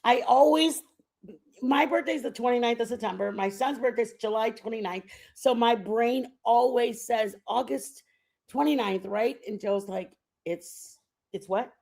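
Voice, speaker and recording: A woman's voice: on the high side, normal speed, vocal fry, darkish tone. A woman in her fifties from the United States, chatting casually and rambling to her viewers on a live stream. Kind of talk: casual chat.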